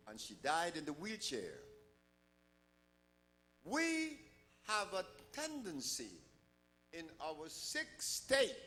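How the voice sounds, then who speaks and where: A man's voice: high voice, pushed and bright, slight background noise. An older man giving an emphatic public lecture to a large live audience, full of rhetorical questions.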